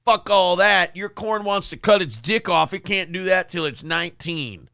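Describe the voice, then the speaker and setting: A man putting on the voice of a crude, loud older Southern farm politician in a mock campaign ad. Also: high voice, moderate pace, vocal fry, dry recording, clean studio sound, full character voice. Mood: ranting. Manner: crude shouting campaign parody.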